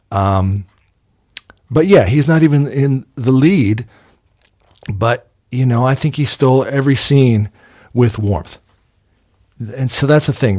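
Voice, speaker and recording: Rambling, lower-voiced American man. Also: a little mellow, no echo, clean studio sound. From United States. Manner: meandering, with frequent ums and uhs and restarts; chatty, enthusiastic about films. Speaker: host. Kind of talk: casual spoken tribute and film reminiscence.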